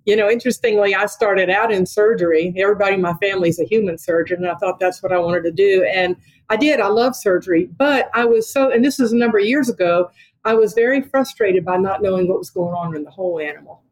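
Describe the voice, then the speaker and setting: A woman's voice: medium pitch, quick pace, poor audio. An older woman, a podcast guest, talking in an enthusiastic and emphatic way. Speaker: veterinary dean, podcast guest. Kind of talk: conversational interview.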